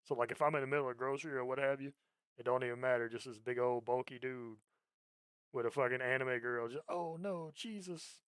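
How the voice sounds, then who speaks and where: A podcast host with a mid-range, fairly bright voice speaks quickly in a level tone, sounding clear and resonant with no echo. Chatting casually into a close mic, he tells rambling, profane stories and laughs a lot.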